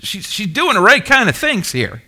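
A middle-aged male pastor preaches with a lively, swooping delivery, pushing his congregation with questions and waiting for them to answer. His voice sits a bit high for a man and has a bright, forceful edge. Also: normal speed. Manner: animated, emphatic preaching with call-and-response questions. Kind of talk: sermon.

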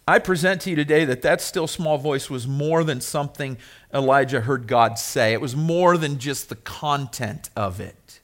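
A man's voice: on the high side, animated, measured pace. Man preaching a conversational sermon. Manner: conversational, rising to emphatic then dropping soft. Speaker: pastor.

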